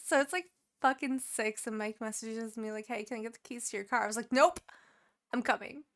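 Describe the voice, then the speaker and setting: A young woman, co-hosting a podcast and telling a story in casual chat, animated and swearing as she acts out quotes. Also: fairly high pitch, a little fast. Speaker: podcast co-host.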